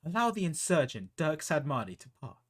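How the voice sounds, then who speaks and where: A man voicing a stern, imperious queen in a deep, slow, haughty reading of game dialogue. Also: sing-song, noisy background. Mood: commanding.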